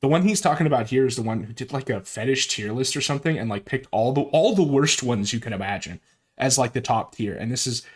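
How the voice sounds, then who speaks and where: A man's voice: medium pitch, expressive, quick pace, slightly rough. A man casually commenting over a played stream clip, laughing and using loose slang. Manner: laid-back, laughing, slangy asides. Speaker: commentary host.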